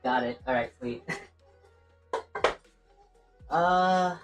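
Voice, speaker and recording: A streamer speaks extremely slowly in a medium-pitched voice while cooking at home, rambling to viewers and to themself as they read chat. Music plays behind a distant mic.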